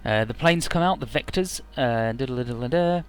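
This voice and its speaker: A man gives casual commentary on a video game, joking and rambling with frequent "uh" fillers. His voice sits at an ordinary middle pitch. Faint game music plays behind him. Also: normal speed, smooth. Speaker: video game let's player.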